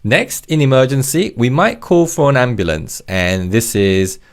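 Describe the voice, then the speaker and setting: A man's voice: mid-range voice, lively intonation, unhurried. A man teaching Korean vocabulary in English, explaining word parts and leading repeat-after-me drills in a patient, encouraging way. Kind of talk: language lesson narration.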